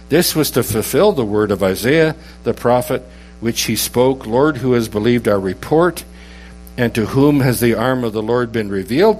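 A man's voice: medium pitch, a little hiss or hum, low-quality recording. A man preaching a conversational sermon, reading scripture aloud with rising emphasis. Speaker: pastor.

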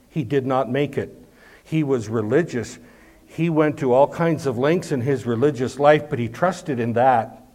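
A male pastor delivering a sermon at an unhurried, deliberate pace. His voice sits in an ordinary middle register. He preaches earnestly and with emphasis, repeating key words for weight. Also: medium pitch, a little mellow.

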